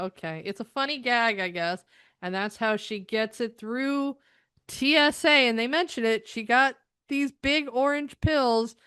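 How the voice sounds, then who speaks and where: A woman's voice: a little high, a bit bright, clear, resonant tone, dry recording, clean studio sound. A middle-aged woman from the United States, ranting sarcastically through a TV episode review, exasperated and rambling.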